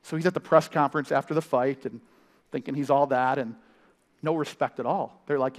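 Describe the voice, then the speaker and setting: A man's voice: medium pitch, fairly quick. A man preaching a sermon as family ministry pastor, telling stories with playful impressions and humor. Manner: animated storytelling with impressions and humor. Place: church. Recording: live sermon in a reverberant hall.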